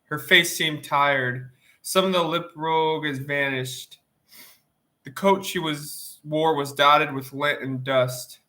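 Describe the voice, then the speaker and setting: A man reads a novel aloud in plain, steady first-person narration. His voice is bright and clear-toned, though sniffly from allergies. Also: a little high, slow pace. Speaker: audiobook reader.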